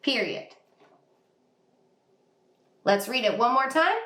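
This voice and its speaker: A woman teacher giving an online reading lesson to young children, sounding out words slowly and praising the class. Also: a little high, very animated, fairly bright tone, echoey room. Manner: slow, exaggerated sounding out of words. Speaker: kindergarten teacher.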